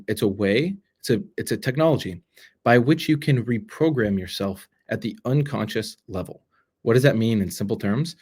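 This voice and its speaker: A man talking straight to the camera as a self-development coach, earnest and persuasive, often checking in with "right?". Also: fairly low pitch. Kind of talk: direct-to-camera motivational talk.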